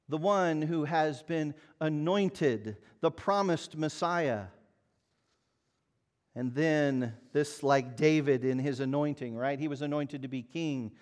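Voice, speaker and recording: A man preaching a sermon in an earnest, emphatic way, asking the listeners pointed rhetorical questions. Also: fairly high pitch. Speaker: pastor.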